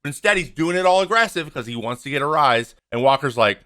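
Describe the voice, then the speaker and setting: A man in his thirties giving animated, opinionated casual commentary over game footage, acting out what the players say. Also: fairly high pitch, quick pace. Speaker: podcast host and former pitcher.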